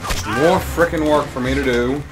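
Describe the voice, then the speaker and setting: A man's voice: mid-range voice, normal speed, over music. A man, griping and rambling with stammers as he records commentary over his gameplay at home. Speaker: let's player. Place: home room with air conditioner.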